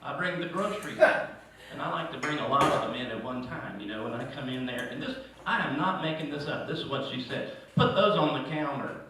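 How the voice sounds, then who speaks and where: A man's voice: medium pitch, lively intonation, fast talker. Man doing stand-up, echoey and distant. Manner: conversational, with asides to the audience. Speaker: stand-up comedian. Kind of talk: stand-up comedy routine. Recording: echoey, distant, noisy room recording.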